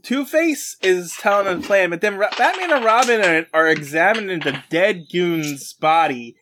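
A man recaps a cartoon in a casual chat, his pitch swinging all over as he picks apart the plot. He tells it with a wry, exasperated edge and plenty of restarts. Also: animated, moderate pace, background noise. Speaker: podcast co-host.

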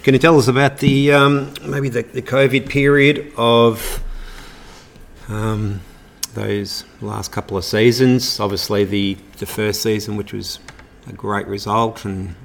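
A man's voice: lowish voice, little pitch movement, a little slow, vocal fry. A man interviewing a club member, friendly and matey in a casual chat.

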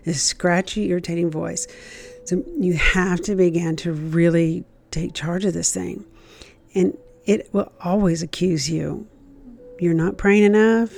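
Woman teacher, casual faith talk, lowish warm voice, acts out quotes. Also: fairly even intonation, a little slow, creaky. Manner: conversational, repeats herself, acts out the inner voice. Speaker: Christian speaker.

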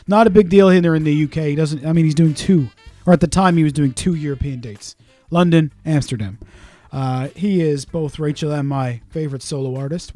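Mellow-voiced man ranting on a podcast. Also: a little high, dry recording. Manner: profane ranting storyteller. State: in pain and grumpy. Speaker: podcast co-host. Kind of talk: casual podcast chat.

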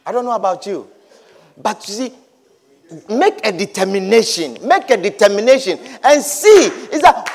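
High-voiced man preaching emphatically. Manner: emphatic, repetitive, calls out to the congregation. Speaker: pastor. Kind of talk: sermon. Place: church.

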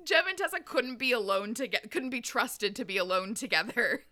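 A woman hosts a podcast recapping a book, chatting loosely with lots of "like," swearing and giggles. Her fairly high voice is sharp-toned with lively intonation at a moderate pace.

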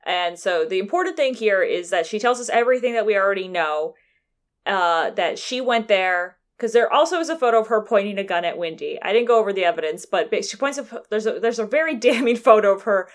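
A woman's voice: mid-range voice, lively intonation, fairly quick. Co-host, woman, loose rambling recap delivery. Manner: rambling storyteller who acts out quotes. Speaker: podcast co-host recapping a game. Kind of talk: casual chat.

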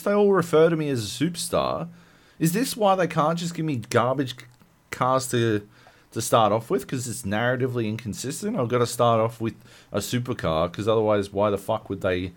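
A man's voice: medium pitch, sing-song, normal speed. A man co-hosting a podcast, ranting profanely in casual chat. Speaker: podcast co-host.

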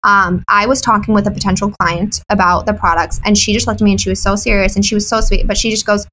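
Guest, woman, wellness business owner: quick, candid, chatty, lots of fillers. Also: medium pitch, steady tone, pushed and bright, slight background noise, poor audio. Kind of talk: casual interview chat.

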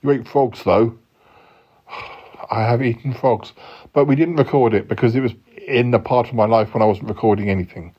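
A man voicing a gruff, low, manly yeti uncle who waffles on with lots of fillers and restarts, on a slightly dull recording. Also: moderate pace, natural voice. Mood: rambling.

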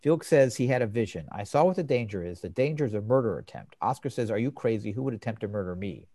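A man's voice: on the low side, expressive, quick pace, mellow, no echo, clean studio sound. A man hosting a podcast in casual chat, informatively retelling scenes and reading quotes aloud. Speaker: podcast host.

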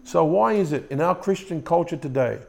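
At a moderate pace, a pastor with a slightly high, creaky voice preaches animatedly in a church room with a congregation. He keeps repeating and restarting words and poses questions to those listening.

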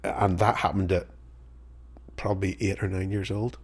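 A husky, low-pitched man from Northern Ireland tells stories as a podcast guest. He is middle-aged and animated, and he plays out each side of an old exchange as he goes. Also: normal speed. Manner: animated storyteller, acts out both sides of old conversations. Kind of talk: casual storytelling interview.

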